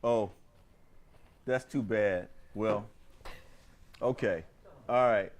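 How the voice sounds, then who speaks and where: A man's voice: on the low side, drawn-out words. A man co-hosting a casual after-show chat, ranting animatedly with many restarts. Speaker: morning show co-host.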